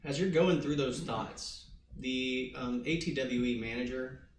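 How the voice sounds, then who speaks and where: A man's voice: medium pitch, a little slow, roomy sound. Male game master, chatty filler-heavy narration, faint hiss, distant mic.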